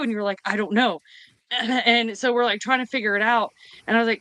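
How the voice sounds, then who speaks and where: A woman, hosting a casual chat and retelling a story in an excited, rambling way. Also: on the high side, quick pace, dry recording. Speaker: host.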